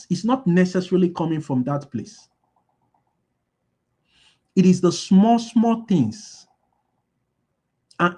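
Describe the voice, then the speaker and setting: Guy with a pretty high voice doing a motivational business talk, says stuff twice, quizzes the audience. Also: darkish tone. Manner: repeats key lines for emphasis; asks the audience call-and-response questions. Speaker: business speaker.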